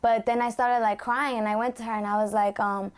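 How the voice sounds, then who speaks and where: A woman's voice: fairly high pitch, flat delivery, brisk. A woman speaking casually about her grandmother in a documentary interview, peppering her story with "like". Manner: casual, storytelling, lots of 'like'.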